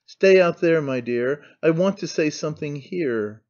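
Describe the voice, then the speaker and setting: A man doing a frail, tearful old gentleman. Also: on the high side, expressive, unhurried, muffled recording. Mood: tender. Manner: faint, faltering, tearful. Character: frail, sentimental aging gentleman, weeping and faltering.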